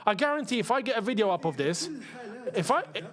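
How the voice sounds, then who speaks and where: A young man hosting a live football watchalong, chatting casually and shouting at near misses. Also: high voice, fast. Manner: excitable, shouts at chances, chatty slang. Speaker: football channel host. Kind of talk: live match watchalong commentary.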